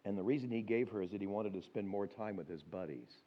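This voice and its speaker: A man speaking at a school week of prayer, telling stories from his life in an animated way and acting out the voices of the people in them. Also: lowish voice, quick pace. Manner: animated storyteller, acts out quoted voices. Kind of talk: storytelling sermon. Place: school chapel or auditorium. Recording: dull lo-fi sound.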